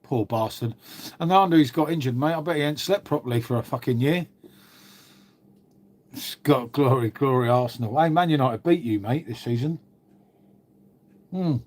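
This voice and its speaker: A man's voice: a little high, animated, normal speed, long pauses. A middle-aged man, hosting a livestream and chatting casually with viewers, laid-back and sweary, peppering his talk with mate and innit. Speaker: livestream host reading chat. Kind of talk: casual chat.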